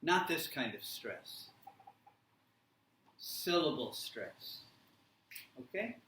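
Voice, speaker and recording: A man teaching an English reading workshop, giving slow, deliberate instructions and checking in with "okay?" and "right?". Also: mid-range voice, very animated, bright, forceful tone, roomy sound, distant mic, slight background noise.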